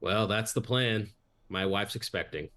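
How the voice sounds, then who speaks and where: A man's voice: lowish voice, a little slow, sharp tone, a little hiss or hum. A man voicing a chatty, friendly male town guard who rambles and speaks a bit awkwardly. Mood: proud.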